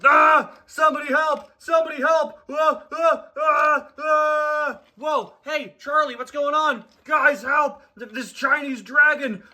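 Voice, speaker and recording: A man's voice: extremely high pitch, measured pace, hardly any pauses, pushed and bright, pitched above the performer's own voice, full character voice. A man voicing a panicked male toy train engine who screams frantically for help. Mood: terrified. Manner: shrieking, frantic.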